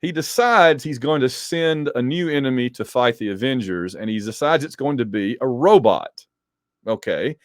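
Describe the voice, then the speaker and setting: Animated man reviewing comics. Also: medium pitch, moderate pace, dry recording, clean studio sound. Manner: animated and digressive, joking asides. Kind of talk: casual commentary.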